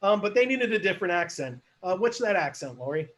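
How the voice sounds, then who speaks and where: A man's voice: high-pitched, very animated, fairly quick, fairly bright tone. A man hosting a live online improv show, narrating scenes and asking the audience for suggestions in a chatty, laughing way.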